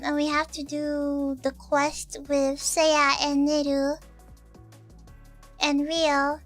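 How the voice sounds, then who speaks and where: A woman's voice: high voice, fairly bright tone. A woman streamer chatting casually and reminiscing while playing a game. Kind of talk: casual gameplay commentary.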